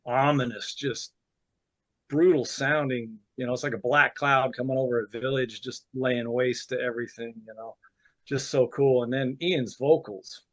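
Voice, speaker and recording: A man talking about albums in a casual video call chat, animated and full of fillers. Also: mid-range voice, normal speed, no echo. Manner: animated, lots of you know and fillers. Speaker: guest musician.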